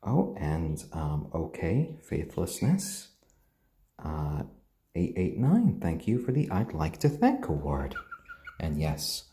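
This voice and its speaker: A man with a mixed British and American accent, chatting gently on a live stream and cooing to his pets. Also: deep voice, wildly swooping pitch, takes it slowly, roomy sound. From born in Tokyo, raised British and American. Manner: gentle, soft-spoken, coos at pets. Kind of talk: casual live-stream chat.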